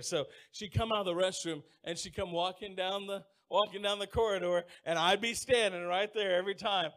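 A man's voice: high-pitched, fairly quick, hardly any pauses. A man preaching a sermon, telling folksy stories and calling on the congregation to answer back. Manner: lively preaching with call-and-response; folksy storytelling. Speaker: pastor.

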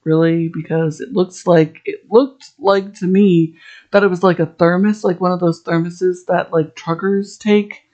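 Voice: mid-range voice, fairly even intonation, unhurried, darkish tone. A podcast host in a casual episode recap, rambling and chatty, full of "like" fillers and restarts.

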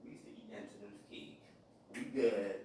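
A loud, profane man rambles and taunts in a wildly swinging voice that leaps all over the scale. He is heard in an echoey hotel room. A steady noise sits behind him. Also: fairly low pitch, moderate pace, far from the mic. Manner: loud, rambling, profane, erratic, breaks into sing-song. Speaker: unwanted guest in a hotel room. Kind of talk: heated argument.

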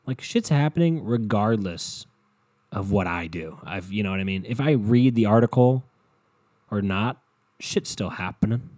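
A man hosting a solo podcast, ranting casually with lots of swearing, swinging between low mutters and loud exasperated outbursts. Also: expressive, moderate pace, no room sound. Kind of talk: casual comedic rant.

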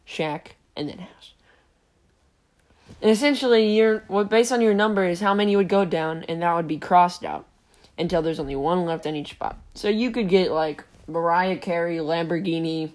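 At a normal speed and in a high-pitched voice, a young man hosting a podcast rambles through a story. Giggles, tangents, and self-interruptions run all through it.

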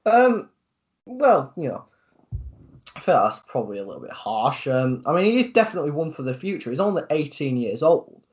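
A man, co-hosting a casual football podcast, talking in a measured way with many fillers and pauses. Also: on the high side, big pitch swings, darkish tone, dull audio. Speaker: podcast co-host.

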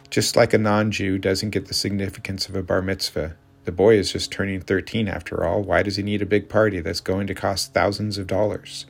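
Man reading a story with a gravelly voice. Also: low-pitched. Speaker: narrator.

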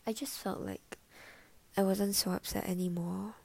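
A young woman musing in a soft, often half-whispered way, sharing personal reflections in a casual vlog. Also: mid-range voice, fairly even intonation, moderate pace, vocal fry. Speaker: vlogger.

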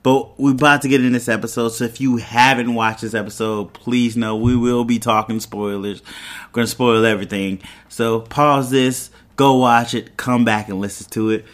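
A man's voice: mid-range voice, steady tone, moderate pace, a bit bright. Chatty man hosting a recap podcast. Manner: loose, chatty retelling with asides and laughs. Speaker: podcast host. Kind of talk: casual episode recap.

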